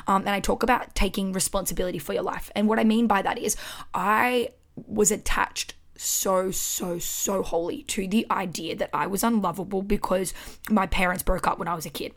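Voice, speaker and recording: Woman, young adult, Australian accent, podcast host, expressive, swears often, home microphone. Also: medium pitch. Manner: expressive, frequent swearing, emphatic. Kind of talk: casual motivational podcast monologue. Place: her house. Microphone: studio microphone.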